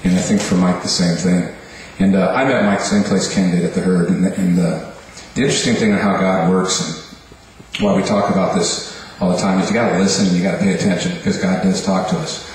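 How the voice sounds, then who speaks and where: A man's voice: low-pitched, level tone, a little fast, few pauses. A man who leads worship at a church, introducing the next speaker in a rambling, hesitant way. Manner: rambling, hesitant, filler-heavy. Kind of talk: casual introduction to a congregation. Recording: echoey hall from far off, faint hum.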